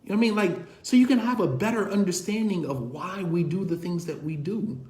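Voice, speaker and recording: Male lecturer, high voice, direct and sarcastic, conversational, echoey room. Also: fairly quick. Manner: direct, keeps asking "you understand?"; animated, sarcastic storytelling with laughs. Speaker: lecturer on marriage.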